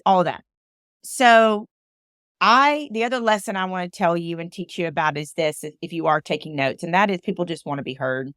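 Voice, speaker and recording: A woman from Alabama speaks as a motivational storyteller in a somewhat low voice. She presses her points by repeating short phrases. The sound is dry and close. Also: normal speed, a bit bright, no room sound. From Alabama, USA. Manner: emphatic, repeats phrases for emphasis. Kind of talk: personal storytelling monologue.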